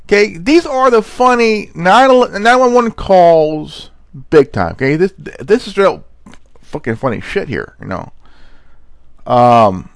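A man's voice: high-pitched, sing-song, slow pace, creaky, no echo. A man hosting a casual show, retelling funny emergency calls in a rambling, profane way, stumbling over words and asking "okay?" a lot. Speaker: host. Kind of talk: casual commentary on viral clips.

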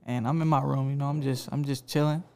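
Gravelly man teasing his friends. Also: medium pitch, steady tone, fast talker, mellow, slight background noise. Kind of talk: casual banter among friends.

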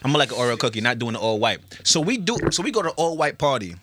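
A man's voice: mid-range voice, quick pace, slight background noise. A young man hosting a podcast, telling a story in casual slang and acting out the voices in it. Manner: animated storyteller, acts out voices, laughs a lot. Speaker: podcast host.

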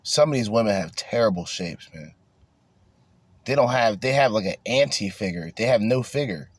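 A man's voice: fairly low pitch, expressive, normal speed, slightly rough. A man hosting a casual podcast, ranting bluntly and crudely with lots of swearing. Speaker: podcast host.

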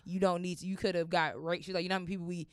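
A woman's voice: lowish voice, very fast, clean tone, no echo, clean studio sound. A young woman, telling a personal story casually, acting out voices and swearing freely. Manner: animated, acts out voices, swears often.

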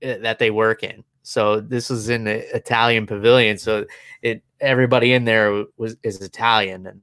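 A man's voice: on the low side, level tone, moderate pace, a bit bright, clean tone, dry recording, clean studio sound. A man in his thirties, a show co-host, casually telling an anecdote, chuckling often and padding his speech with fillers. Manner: chuckling, filler-heavy storytelling.

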